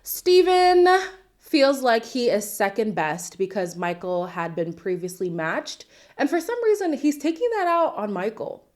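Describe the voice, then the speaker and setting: Woman, casual recap commentary, sassy, incredulous, chatty, mid-pitched voice. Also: very animated, normal speed. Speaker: reality TV recap host.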